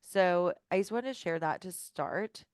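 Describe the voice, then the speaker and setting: A woman's voice: lowish voice, measured pace, clean tone, dry recording, studio quality. A young woman coaching a group on a video call, talking casually with lots of fillers and acting out sample messages. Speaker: business coach. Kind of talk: live online coaching call.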